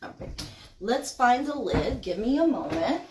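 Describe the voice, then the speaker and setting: A woman's voice: fairly high pitch, big pitch swings, a little slow, background noise. A woman, hosting a casual live cooking stream in her home kitchen, chatting with viewers and trailing off with fillers. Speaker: cooking show host.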